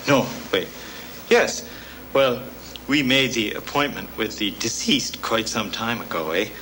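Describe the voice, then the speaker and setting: A man's voice: on the low side, a little slow, sharp tone, a little hiss or hum, poor audio. An actor playing a bossy, scheming young Canadian slacker who talks in slang and tags his lines with "eh". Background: film music.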